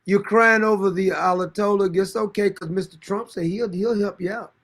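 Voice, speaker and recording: High, gravelly mocking male streamer. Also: fairly even intonation, moderate pace, heavy background noise. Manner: mocking, joking, rambling with frequent laughs. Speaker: livestream host. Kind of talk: casual livestream commentary.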